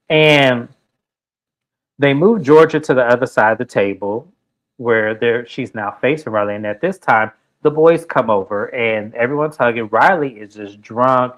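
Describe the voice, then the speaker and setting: A man hosting a casual reality TV recap, retelling scenes with lively acted-out quotes. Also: medium pitch. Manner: animated storytelling, acting out quotes.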